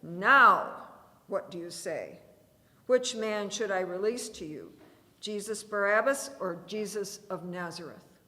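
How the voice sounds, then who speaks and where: A woman voicing an exasperated male Roman governor who shouts his demands at a crowd, read in a church. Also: high voice, expressive, takes it slowly, hardly any pauses, voice pushed up, heavily acted. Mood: demanding. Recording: reverberant church hall.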